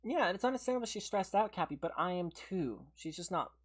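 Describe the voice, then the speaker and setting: Woman streamer with a low voice, casual and exasperated, lots of "like". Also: lively intonation, fast talker, husky. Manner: venting, exasperated, heavy use of "like". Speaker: livestream gamer. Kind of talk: casual livestream chat.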